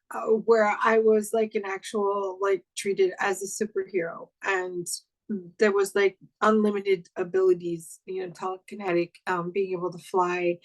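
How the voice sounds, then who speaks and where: A woman's voice: mid-range voice, poor audio. A woman in casual conversation, rambling and full of fillers like "you know" and "um". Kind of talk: casual chat.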